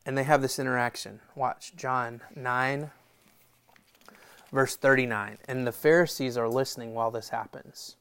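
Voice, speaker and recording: Pastor preaching conversationally. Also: male voice, mid-range voice, steady tone, normal speed, fairly bright tone, clean tone. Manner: conversational, storytelling with voiced quotes and laughs. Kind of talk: sermon.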